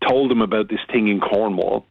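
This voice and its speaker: Middle-aged man, lively radio anecdote, husky, dry phone-line sound. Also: lowish voice, brisk, no room sound. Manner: lively storyteller, acts out quotes. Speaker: journalist guest. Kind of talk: radio chat, telling an anecdote.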